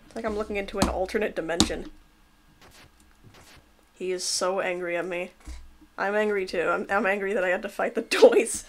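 A woman casually commentating a game she is playing, excitable and jokey, laughing often and yelping when things go wrong. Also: mid-range voice, moderate pace, long pauses, a little hiss or hum. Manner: excitable, laughing, swearing, yelps in panic. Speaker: gameplay commentator. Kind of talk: casual let's-play commentary.

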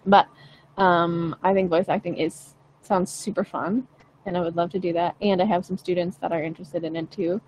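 A woman's voice: on the low side, steady tone, moderate pace, a little mellow, slight background noise, low-quality recording. A young adult woman teaching singing in a casual, chatty way, frank and playful, swearing now and then. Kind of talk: casual livestream voice lesson.

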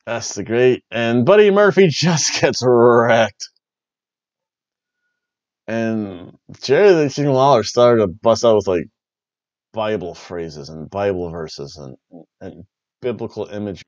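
A man hosting a wrestling review podcast, rambling and joking, jumping between loud bursts and mumbled asides. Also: medium pitch, animated, unhurried, long pauses, no room sound, lo-fi sound. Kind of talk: casual review chat.

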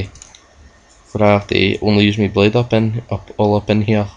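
A man's voice: lowish voice, level tone, normal speed, rough recording. A young man giving rambling, self-mocking commentary over a video game playthrough, cursing at the game now and then. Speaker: gamer. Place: at home with a laptop.

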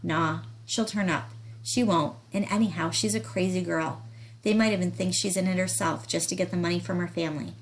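A guarded, scheming young man, unhurried and dismissive in an audiobook reading, as a woman reader puts him on. The delivery is slow, flat and lowish. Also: close to an everyday voice, poor audio.

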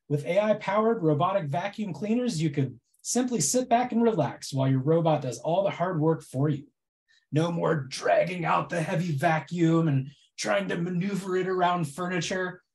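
Presenter, mock-enthusiastic and dryly sarcastic, warm low-key tone. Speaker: presenter at a club meeting. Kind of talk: prepared comic speech.

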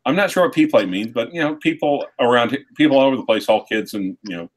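A man's voice: medium pitch, expressive, quick pace. A man hosting a casual live stream chat, rambling and restarting his sentences while reading viewer comments.

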